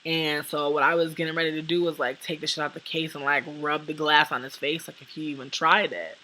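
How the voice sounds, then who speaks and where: Bright-voiced woman telling a profane storytime. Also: sits low, a little fast, a little hiss or hum, poor audio. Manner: profane, animated, acts out what people said. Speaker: vlogger. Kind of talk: casual storytime monologue.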